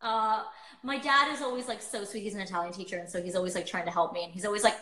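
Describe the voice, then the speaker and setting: A woman's voice: mid-range voice, lively intonation, fast, pushed and bright, echoey room, poor audio. A woman in her twenties hosting a casual livestream chat from her phone, bubbly and chatty, laughing often. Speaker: host of a livestream.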